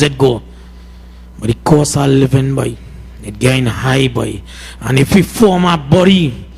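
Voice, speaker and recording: A man's voice: high-pitched, gravelly, husky. A man with a Trinidadian accent, a farmer giving a heated speech at a community meeting and repeating "boy" often. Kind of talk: impassioned public address. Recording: reverberant hall.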